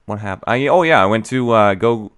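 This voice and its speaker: Young man, podcast co-host, casual rambling chat, swearing, low voice. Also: expressive, normal speed, a bit bright, smooth, dry recording. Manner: rambling, swears freely, lots of fillers.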